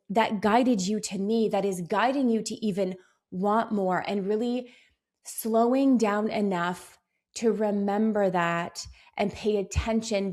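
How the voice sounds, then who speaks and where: Gravelly-voiced woman podcast coach. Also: mid-range voice. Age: 30s. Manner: warm storytelling, motivational, acts out quoted dialogue. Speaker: podcast host and business coach. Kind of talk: solo podcast monologue.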